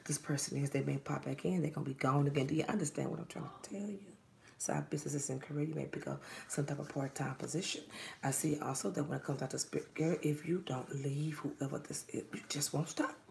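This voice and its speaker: A woman's voice: low-pitched, creaky, mellow, a little hiss or hum. A woman giving a spiritual reading straight to the listener, preachy and often dropping into a whisper. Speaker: psychic reader.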